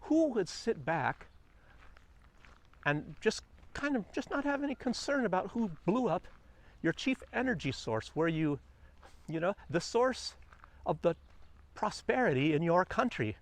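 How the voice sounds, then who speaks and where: A man vlogging outdoors on a quiet morning walk, chatting loosely about the news, meandering and often chuckling. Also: high-pitched, sing-song, measured pace, long pauses. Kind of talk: rambling commentary on the news.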